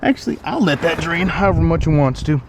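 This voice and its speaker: Working on a car outdoors on a windy day, a DIY car repair vlogger jokes casually with himself and his viewers. His voice is on the high side, animated, and fast, with a little hiss or hum in the audio.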